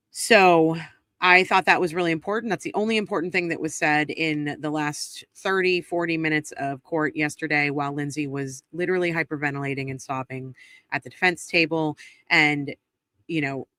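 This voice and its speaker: A woman hosting a recap show, speaking in blunt, indignant casual commentary and swearing freely. Her voice is bright and sharp. The recording is close and dry, with no room sound. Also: sits low, dry recording. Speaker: trial recap host.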